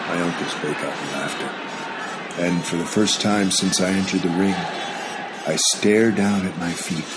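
A man narrating a scripted memoir in a dry, wry storytelling manner. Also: low-pitched. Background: guitar music.

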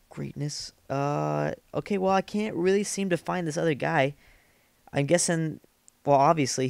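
A man's voice: mid-range voice, creaky, clean tone, no room sound. A man casually commenting while playing a strategy game, rambling and poking fun at himself as he thinks aloud. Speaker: let's play gamer.

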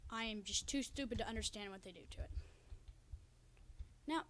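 A woman with a high voice chats excitedly to her viewers as she plays a game. She talks casually from a room at home, recorded on a cheap desk microphone. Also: normal speed, a little hiss or hum. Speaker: gaming video creator. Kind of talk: casual Let's Play commentary.

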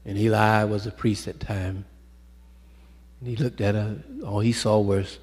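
A man preaching a sermon, swinging from loud calls to hushed storytelling and calling out to the congregation, in a church sanctuary. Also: lowish voice, flat delivery, unhurried, husky. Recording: echoey hall with long reverb.

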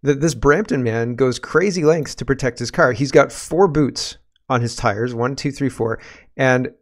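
A man's voice: mid-range voice, a little slow. A man in his forties hosting a casual political commentary show, talking animatedly and chuckling between points. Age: 40s.

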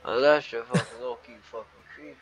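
A man's voice: medium pitch, steady tone, fast talker. A young man in casual gaming chat, laid-back and swearing a lot, talking into a headset. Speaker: gamer.

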